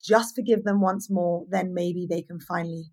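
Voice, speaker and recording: A woman's voice: fairly low pitch, normal speed, husky. A woman hosting a podcast, talking candidly and with feeling about her own past relationships. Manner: candid and animated, sharing personal stories. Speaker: podcast host. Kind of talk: casual podcast conversation.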